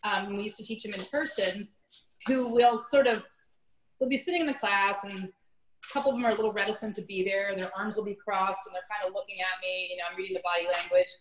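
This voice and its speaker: A woman's voice: medium pitch, fairly even intonation, quick pace, slight background noise, poor audio. Chatty woman chef teaching a home class. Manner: chatty, self-deprecating, laughs often. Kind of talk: casual live cooking demonstration. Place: home kitchen. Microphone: video call.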